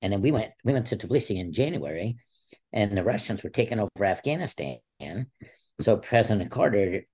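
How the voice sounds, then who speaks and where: A man in his sixties, an interview guest telling a long story in a casual way, acting out what others said. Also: husky. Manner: animated storyteller, acts out quotes with a raised pitch. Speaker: interview guest, former wrestler.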